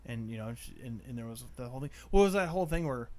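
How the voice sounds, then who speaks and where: A man's voice: medium pitch, animated, fast, a little mellow. A man co-hosting a podcast, casually recapping a film's plot in a rambling way and acting out the characters' lines. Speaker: podcast co-host. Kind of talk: casual movie-review chat.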